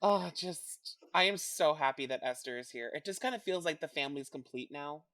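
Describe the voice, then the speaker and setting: A woman's voice: low voice, expressive, a little fast, a bit bright, no room sound. A young woman co-hosting a podcast, gushing enthusiastically and swearing casually. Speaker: podcast co-host. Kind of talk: casual recap chat.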